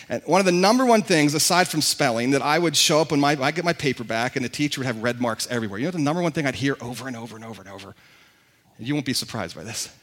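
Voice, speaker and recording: A man preaching a sermon to a congregation, excitable and animated, who says he gets worked up and talks fast. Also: mid-range voice. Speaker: pastor.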